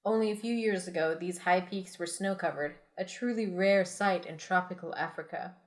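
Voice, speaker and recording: A woman's voice: fairly low pitch, moderate pace. A woman hosting a podcast, reading an adventure gamebook aloud to friends in a casual, giggly way that keeps breaking into laughter. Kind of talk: casual read-aloud with banter.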